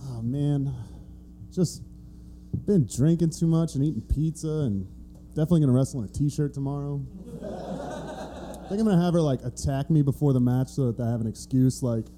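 A wrestler guest on a live podcast in a theatre, talking about himself in a laid-back, self-deprecating way. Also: male voice, mid-range voice, lively intonation, normal speed, pauses often, dark tone, a little hiss or hum. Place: theatre stage before a live audience.

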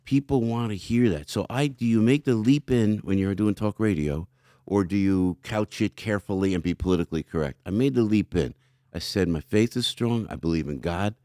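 Animated storytelling male comedian guest. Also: fairly low pitch, a little fast, dry recording, clean studio sound. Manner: acts out quoted voices, laughs often, emphatic. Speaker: guest, radio talk show host and comedian. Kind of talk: animated anecdote telling in conversation.

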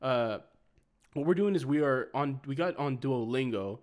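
A man's voice: medium pitch, animated, moderate pace, darkish tone. A young man co-hosting a podcast, chatting playfully and laughing often. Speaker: podcast co-host. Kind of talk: casual chat.

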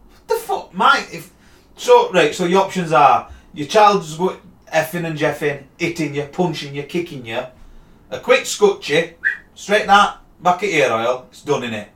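A man's voice: fairly high pitch, expressive, unhurried, a bit bright. A man, ranting bluntly and swearing a lot in casual chat. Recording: echoey room.

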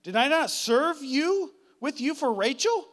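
A man's voice: very high-pitched, expressive, a little slow, a bit bright, pitched above the performer's own voice, heavily acted. A man preaching, acting out an outraged, deceived bridegroom in a raised, indignant voice.

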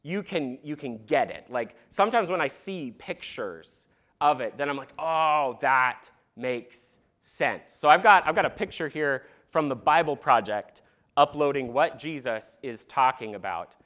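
A young man preaching a sermon to a congregation in a church, animated and conversational with asides to the crowd. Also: mid-range voice, moderate pace. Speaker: pastor. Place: church sanctuary.

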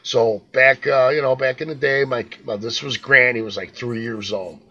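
A man's voice: mid-range voice, steady tone, moderate pace, bright, forceful tone, dull audio. A man co-hosting a podcast, telling stories in a laid-back way, swearing and tossing in "man" and "dude". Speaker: podcast co-host. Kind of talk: casual chat, storytelling.

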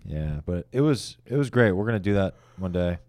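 A man's voice: deep voice, lively intonation, a little fast, darkish tone, no room sound, studio quality. A man hosting a podcast, rambling loosely in casual chat and tripping over his words. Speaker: comedian podcast host.

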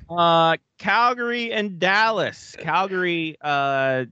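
A man's voice: high voice, takes it slowly, sharp tone, smooth, dry recording. A man hosts a casual chat, cracking jokes and swearing without a second thought. His voice sounds dry and a bit dull, as if recorded on a lo-fi setup. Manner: joking, swears freely. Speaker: podcast host.

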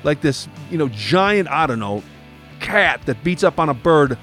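A man giving an emphatic devotional teaching, acting out short voices in quick asides. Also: a little high, animated, a bit bright, faint music behind. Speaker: preacher.

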